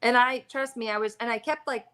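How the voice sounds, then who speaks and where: A woman in her thirties with an American accent, co-hosting a casual live chat and telling a story with lively acted-out quotes. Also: a little high, brisk, clean tone. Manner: animated storyteller, acts out quoted lines. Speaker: co-host of a reseller live chat.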